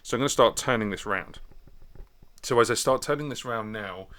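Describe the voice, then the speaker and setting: At a table indoors, a British man with a mid-range, fairly bright voice chats his way through a rambling, step-by-step demonstration of recording gear at a moderate pace. A phone mic and a small stereo recorder capture him.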